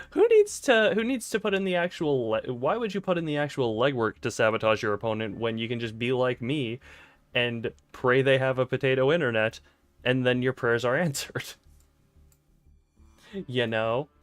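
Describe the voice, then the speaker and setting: Male game streamer, casual and rambling, pokes fun at himself, smooth clear voice. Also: mid-range voice, no room sound. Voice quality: playful, rambling, self-mocking. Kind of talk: casual livestream chat while gaming. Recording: dry close mic with faint game music.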